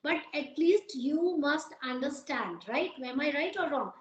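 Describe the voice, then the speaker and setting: A woman's voice: high voice, animated, measured pace, echoey room, poor audio. A woman from Uttar Pradesh with an Indian accent, an English teacher giving advice in a conversation, asking many rhetorical questions.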